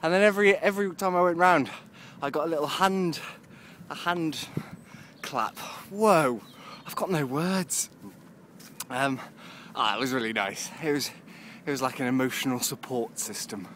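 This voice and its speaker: A man's voice: fairly high pitch, moderate pace, fairly bright tone, a little hiss or hum. A man, rambling casually in a video diary and often laughing. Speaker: vlogger.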